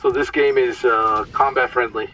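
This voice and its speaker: A man's voice: mid-range voice, fairly even intonation, moderate pace, sharp tone, distant mic, muffled recording. A man giving casual, explanatory commentary over his gameplay, sometimes stumbling over words.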